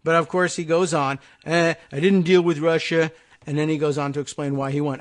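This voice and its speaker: A man's voice: on the high side, steady tone, brisk. Sarcastic exasperated male podcast host. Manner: sarcastic, exasperated, mocking quotes in asides. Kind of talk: political commentary, casual monologue.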